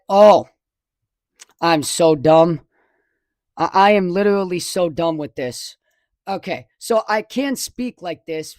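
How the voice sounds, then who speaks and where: A man with a high-pitched voice talks slowly through a weather live stream from home, pausing often. He's excitable, rambling, backtracking and correcting himself, and a close desk mic in a dry room picks up no room sound.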